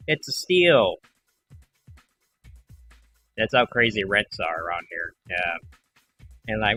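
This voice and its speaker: Bright-voiced man rambling casually on stream. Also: on the low side, a little slow, pauses often, soft background music. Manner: rambling, acts out callers in animated voices. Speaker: livestream host. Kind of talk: casual livestream chat.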